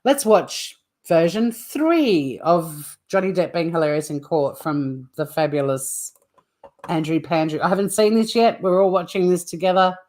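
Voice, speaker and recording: A woman's voice: fairly low pitch, unhurried, a little mellow. A woman hosting a livestream, rambling in casual chat with viewers and swearing freely. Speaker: livestream host.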